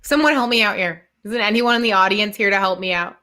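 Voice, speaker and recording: A woman's voice: medium pitch, fast talker, sharp tone. A woman co-presenting a webinar in casual chat, thinking aloud and using "like" a lot.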